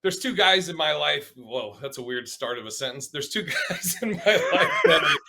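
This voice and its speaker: A comedian from the Pacific Northwest telling stage stories in a casual interview, animated and often laughing. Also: male voice, on the high side, moderate pace, vocal fry. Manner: animated, laughing, acts out quotes. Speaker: stand-up comedian, guest.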